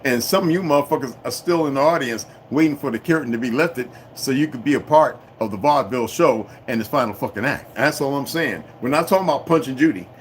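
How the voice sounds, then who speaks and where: A middle-aged man hosts a casual livestream, talking straight to his viewers. His speech is loose and profane, broken by laughs and asides to chat. A faint hum of background noise runs under his mid-pitched voice. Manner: profane, rambling, laughs often, talks to chat. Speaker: livestream host.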